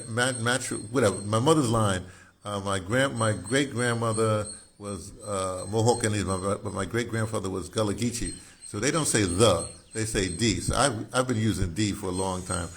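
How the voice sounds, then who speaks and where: A man, a poet, explaining his own poem while thinking aloud, halting and correcting himself often. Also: fairly low pitch, creaky, a little hiss or hum. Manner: musing, self-correcting.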